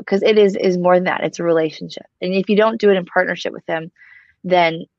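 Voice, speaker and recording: A woman with a gravelly, fry-edged voice tells an animated story and laughs at herself. The recording is dull and lo-fi, with a dry, close sound. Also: on the low side, fast talker, dry recording. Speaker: co-host of a faith talk show. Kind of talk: casual faith conversation.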